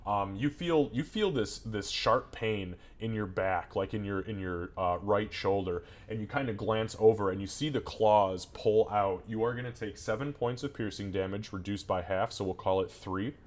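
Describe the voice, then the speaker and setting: A low-voiced man speaks at a moderate pace with few pauses, running a tabletop game as game master. He narrates combat loosely and descriptively in a casual style, swearing freely.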